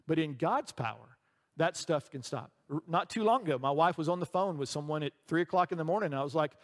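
Man, middle-aged, pastor, sermon, conversational storyteller, somewhat high voice, long hall echo. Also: lively intonation, fast. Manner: conversational storytelling, often checks in with "right?". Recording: long reverb from a large hall.

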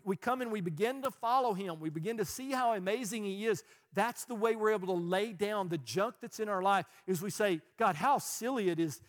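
A man, preaching a sermon as pastor, earnest and rising into fast, passionate bursts. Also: high voice.

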